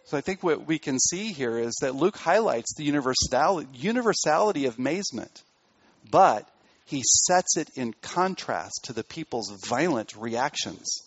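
A man preaching an earnest sermon in a fairly high voice. He climbs to emphatic peaks, then drops to quiet asides. The sound is dry and a little dull. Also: animated, normal speed, no echo. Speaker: pastor.

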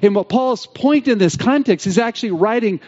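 A man preaching a sermon in a church, stressing key phrases by repeating them slowly. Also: high-pitched, animated, darkish tone, highs cut off. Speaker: pastor. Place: church sanctuary.

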